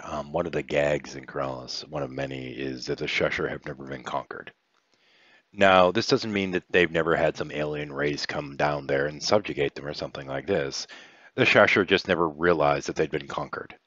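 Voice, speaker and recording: A man's voice: a bass voice, normal speed, a bit bright, no echo, dull audio. A man who created a tabletop game world chatting casually over a video call, with a dry, wry manner and casual swearing. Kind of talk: casual chat.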